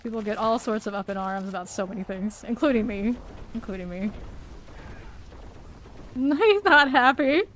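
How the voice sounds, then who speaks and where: A woman's voice: medium pitch, fairly even intonation, normal speed, long pauses, darkish tone, a little hiss or hum, low-quality recording. A woman game streamer chatting casually and playfully while she plays, laughing often and exclaiming. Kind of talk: casual chat while live gaming.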